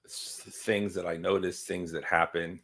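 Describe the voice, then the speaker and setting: A man with a fairly low voice talks loosely as co-host and producer of a casual chat show. He rambles from point to point and keeps stopping to clear his throat. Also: level tone, unhurried, a bit bright.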